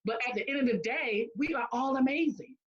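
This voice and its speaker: In a recording with the highs cut off, a woman's slightly rough, high-sitting voice moves fairly quickly. A speech-language pathologist and coach, she responds to interview questions with a lively personal story, acting out quotes and often laughing.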